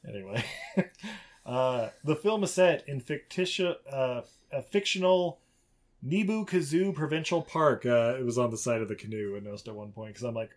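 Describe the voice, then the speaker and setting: A man chatting as the co-host of a movie podcast, loose and joking, breaking into laughs and swearing as he goes. His pitch swings widely as he talks. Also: animated, normal speed. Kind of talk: casual movie podcast chat.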